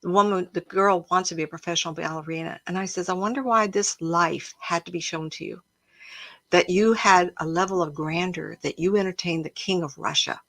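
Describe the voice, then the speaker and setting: A woman with a slightly low voice hosts a casual livestream as a psychic medium. She tells her stories with a lot of feeling, sometimes laughing or gasping along the way. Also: fairly quick. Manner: emotional, animated storyteller who laughs and gasps often.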